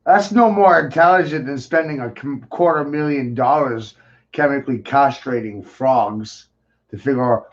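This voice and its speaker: A man hosting a talk show, ranting crudely with heavy swearing, mocking asides and sudden loud outbursts. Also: medium pitch, muffled recording. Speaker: show host.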